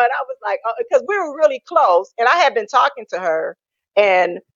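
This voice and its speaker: Woman guest spilling her story, acts out family voices, dry lo-fi sound. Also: dry recording. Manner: animated, acts out quoted family voices in a high pitch. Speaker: interview guest. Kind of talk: candid storytelling.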